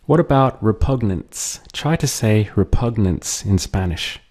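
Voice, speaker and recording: A man teaching a language lesson, patiently drilling words and pausing for the listener to repeat them. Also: fairly low pitch, animated, a little mellow. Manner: slow, patient, drills words and pauses for repetition.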